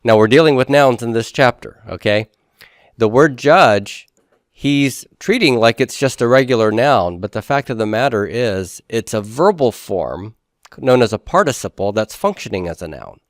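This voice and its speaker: A man's voice: medium pitch, lively intonation, normal speed, no echo. Guy lecturing on hebrew grammar, asks the class stuff then answers it himself, medium voice, dry sound. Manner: explanatory, asks the class questions and answers them.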